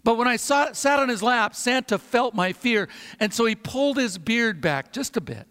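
A man's voice: very high voice, lively intonation, normal speed, fairly bright tone, clear, resonant tone, big-room sound. A man preaching a sermon, emphatic and fond of repeating phrases for effect. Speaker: pastor.

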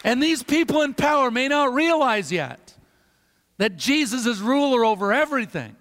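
A man's voice: extremely high pitch, sing-song, normal speed, fairly bright tone, big-room sound, a faint crowd. A man preaching a sermon, emphatic and fond of repeating phrases for effect. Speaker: pastor.

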